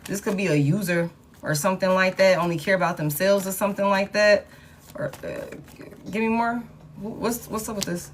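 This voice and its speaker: A woman running a live tarot reading talks loosely and chattily to her viewers. Her voice is pitched right in the middle of the usual range. Faint noise sits behind her. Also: fairly even intonation, normal speed. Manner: casual, chatty, talks to viewers and reads cards aloud. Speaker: tarot reader.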